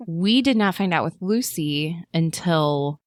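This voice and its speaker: A woman in her thirties, a podcast guest telling her birth story in a chatty way, with lots of fillers and lively quoting of people. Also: deep voice, measured pace, no room sound, clean studio sound. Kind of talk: casual chat.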